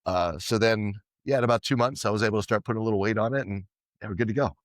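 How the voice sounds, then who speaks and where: A man being interviewed as a podcast guest, telling lively anecdotes and acting out what others said. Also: fairly low pitch, rapid-fire, dry recording, clean studio sound. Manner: animated anecdotes, quoting others in dialogue. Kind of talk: casual storytelling interview.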